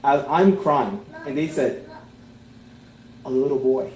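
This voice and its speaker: A man preaching a sermon as pastor, earnest, swelling to emphatic peaks and then dropping to soft, tender lines. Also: mid-range voice, slow, roomy sound, low-quality recording.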